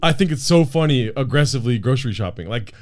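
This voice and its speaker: A man's voice: medium pitch, expressive, fast. Laid-back slangy man co-hosting. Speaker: podcast co-host. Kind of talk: casual podcast chat.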